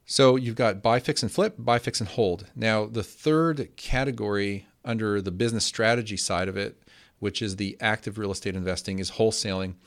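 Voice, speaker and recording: A man hosting a podcast, answering a listener's question in a measured, explanatory way. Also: on the low side. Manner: explanatory, measured, steady teaching tone. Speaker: podcast host.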